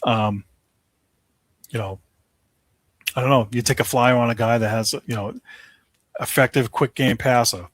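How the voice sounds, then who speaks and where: A man's voice: mid-range voice, steady tone, unhurried, long pauses, no echo. Man, sports podcast host, opinionated rant, plenty of fillers, dry close sound. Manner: opinionated, ranting, many fillers. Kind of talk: casual sports talk commentary.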